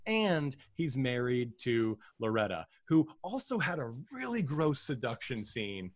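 A man's voice: medium pitch, very animated, a little slow, no room sound. Rambling male podcast co-host. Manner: rambling, many restarts and fillers. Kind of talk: casual film review chat.

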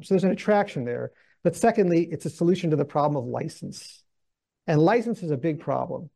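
A man teaching through a Bible book in a lively, conversational way, acting out the voices he quotes. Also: on the high side, fairly quick, vocal fry. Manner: animated, acts out quoted voices; conversational with restarts.

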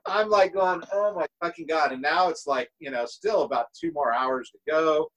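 Swearing freely, this middle-aged guest drummer from the United States rambles casually through tales from the road. He sounds a little high and fairly bright, expressive, at a normal speed. The recording quality is low.

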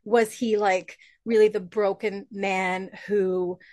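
Lively woman telling stories, dry close mic. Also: mid-range voice, takes it slowly, dry recording. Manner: lively, swears casually. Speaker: interview guest. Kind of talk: casual storytelling chat.

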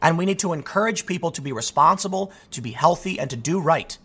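On his own channel, a young US man rants by himself, animated and unsettled, frequently beginning sentences again. He talks fast in a slightly high, husky voice.

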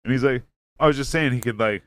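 Dude rambling thru a story, cussing a lot, doing everybody's lines. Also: male voice, mid-range voice, fast talker, a bit bright. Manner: rambling, profane, acts out quotes. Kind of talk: casual storytelling chat.

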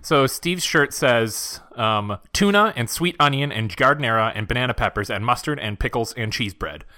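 A young man co-hosts a casual podcast, teasing his partner dryly. He sounds hungover, his voice rough and lower than usual. The tone is still bright and forceful. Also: animated, normal speed. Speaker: podcast co-host. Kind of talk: casual chat.

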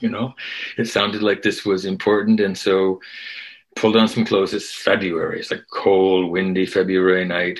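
An older man recounting a memory as an interview guest, his voice sitting somewhat low. He speaks in a relaxed, conversational way, checking in with a frequent "right?" as he goes. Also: rough recording. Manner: conversational, tags lines with "right?". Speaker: guest, activist and historian. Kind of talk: storytelling interview.

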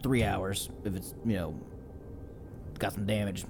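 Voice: low voice, steady tone, a little slow, darkish tone, faint music behind. A game master narrating a tabletop game in a casual, profane way full of fillers.

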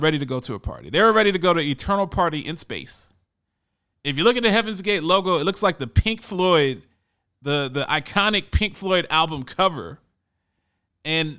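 Animated, bright-voiced man chatting casually. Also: a little high. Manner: animated, conversational, trails off and repeats words. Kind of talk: casual monologue.

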